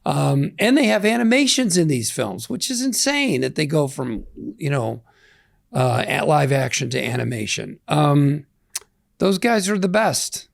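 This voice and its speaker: A man's voice: fairly high pitch, very animated, measured pace, gravelly, dry recording, studio quality. A man in his sixties, an interview guest, talking in a reflective, rambling, self-deprecating way. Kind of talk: casual interview talk.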